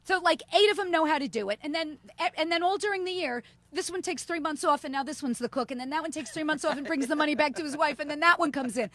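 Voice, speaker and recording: A woman's voice: high voice, quick pace, few pauses, a bit bright, no room sound. A woman hosting a podcast, chatty and rambling through stories, laughing often. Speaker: podcast host. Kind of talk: casual podcast chat.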